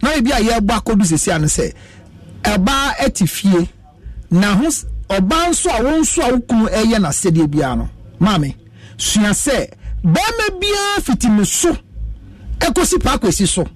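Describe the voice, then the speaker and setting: A man's voice: high-pitched, very animated, normal speed, no room sound, distant mic. A Ghanaian man speaking as a counselor guest on a radio show, lecturing emphatically in casual chat. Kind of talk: casual radio chat, mixing Twi and English.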